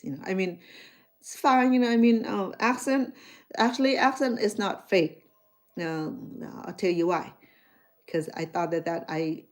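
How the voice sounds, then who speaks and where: A middle-aged woman from Cambodia with a Cambodian accent, chatting casually to her viewers and acting out conversations as she tells stories. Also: on the low side. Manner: animated storytelling, acts out dialogue, frequent restarts. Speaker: chef and vlogger.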